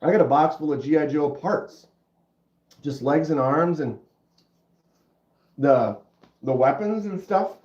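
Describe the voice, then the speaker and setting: A middle-aged man with a stuffy nose hosting a casual livestream, chatting with viewers in a laid-back, drawn-out way. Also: a little high, expressive, darkish tone. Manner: laid-back, drawn-out, says dude and bro. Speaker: livestream host. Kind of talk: casual livestream chat reading comments. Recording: roomy, dull lo-fi sound.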